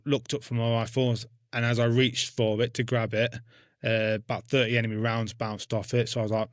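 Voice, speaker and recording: A man, an army veteran being interviewed, telling a war story bluntly with constant swearing and dark humour. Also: medium pitch, flat delivery, fairly quick, no echo, studio quality. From England.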